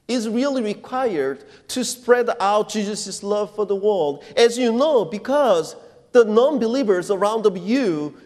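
A male pastor with a high-pitched, slightly mellow voice preaches a sermon in non-native English phrasing. He speaks deliberately and emphatically, putting questions to his congregation, and the recording carries the long reverb of a church hall.

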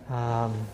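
A man's voice: mid-range voice, noisy background. Man, middle-aged, pastor, conversational sermon, lingering church-hall reverb. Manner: conversational, asks listeners "right?". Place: church sanctuary.

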